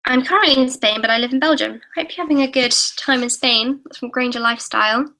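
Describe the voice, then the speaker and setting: A teenage girl chats through a live stream from her computer webcam. Her voice sits high and sounds bright and crisp. She reads out viewer questions and answers them in a giggly, self-deprecating way, tripping into quick restarts. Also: poor audio. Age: teens. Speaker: YouTuber hosting a live Q&A. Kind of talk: casual live-stream chat, reading viewer comments aloud.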